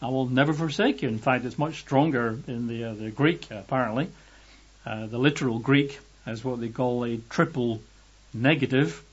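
A man preaching a sermon at an unhurried pace, pausing on fillers and slowing down to quote scripture. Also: medium pitch, husky. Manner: unhurried, hesitant with fillers, slows and lifts when quoting scripture. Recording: dull lo-fi sound.

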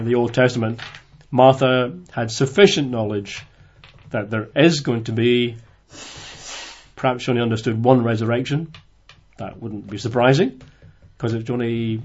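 A man giving an informal Bible study, reading verses aloud and then commenting on them in a relaxed, conversational way. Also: mid-range voice, normal speed, slightly rough, dull audio. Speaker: Bible teacher.

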